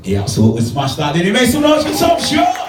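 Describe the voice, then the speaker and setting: A male compere at a comedy club, loud and hyped, shouting over the crowd to announce the interval. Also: high-pitched, huge pitch swings, fast talker. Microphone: stage mic. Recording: echoey room from far off, loud noise. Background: loud crowd cheering.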